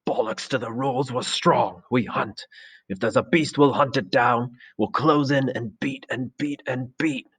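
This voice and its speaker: A man's voice: on the low side, fast, hardly any pauses, slightly rough, recorded from a distance, pitched above the performer's own voice. A man reading aloud, voicing an aggressive, defiant schoolboy who leads the hunters. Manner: shouting, taunting.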